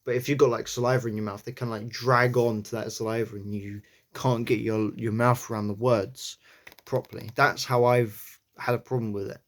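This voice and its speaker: A man's voice: mid-range voice, fairly even intonation, normal speed. A man casually talking through his accent practice, thinking aloud and often saying "you know".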